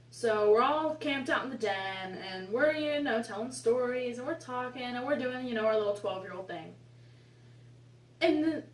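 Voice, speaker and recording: Twenties woman, casual storyteller with exasperated asides, recorded at a distance in a roomy space. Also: a little high. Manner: chatty, rambling, exasperated asides. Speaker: vlogger. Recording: echoey room, mic at a distance.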